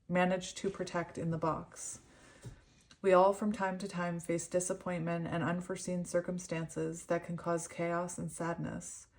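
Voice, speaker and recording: A young woman doing a tarot reading, reading card meanings and a story aloud in an earnest, gentle way. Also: fairly low pitch. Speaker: tarot reader.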